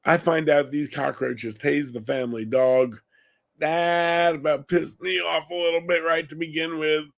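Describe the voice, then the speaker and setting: A man's voice: fairly high pitch, fairly even intonation, measured pace, gravelly. A middle-aged man from Long Island, hosting a gun-focused show and giving opinionated, indignant commentary. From Long Island, New York. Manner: indignant, rising to heated emphasis.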